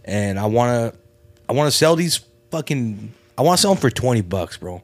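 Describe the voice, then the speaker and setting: A man co-hosting a podcast, talking in animated slang, saying bro a lot and swearing. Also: mid-range voice, normal speed, dry recording. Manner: animated, slangy, says bro constantly, profane. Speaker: podcast co-host. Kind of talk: casual chat.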